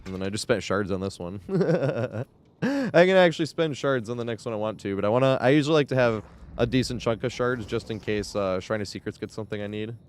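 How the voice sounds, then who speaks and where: A man's voice: medium pitch, expressive, a little fast. A man chatting casually during a live game stream, rambling and laughing, swearing freely.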